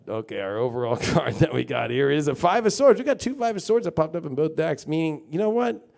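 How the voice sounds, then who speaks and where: A man's voice: fairly high pitch, big pitch swings, brisk, gravelly, hardly any pauses, darkish tone. A man giving a casual live-stream tarot and astrology reading, rambling, swearing freely and acting out mocking quotes. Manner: rambling, filler-heavy talk.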